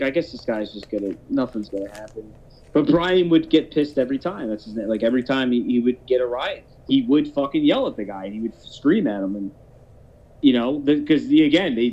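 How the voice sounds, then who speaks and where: A man's voice: mid-range voice, lively intonation, fairly quick, darkish tone, slightly rough. A man in his thirties telling a long story in casual chat, rambling and swearing, with many restarts. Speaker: podcast host telling a story. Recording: dull lo-fi podcast audio.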